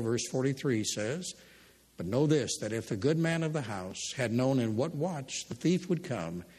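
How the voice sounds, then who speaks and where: A man's voice: mid-range voice, a little mellow, breathy edge. An older man preaching a sermon, reading scripture and telling folksy, humorous stories from his life. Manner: folksy storytelling, humorous asides. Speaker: pastor. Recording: long hall reverb.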